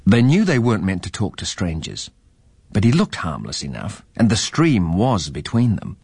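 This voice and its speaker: A man reading a children's story aloud in a lively, expressive way. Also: deep voice, normal speed, slightly rough, dry recording, studio quality.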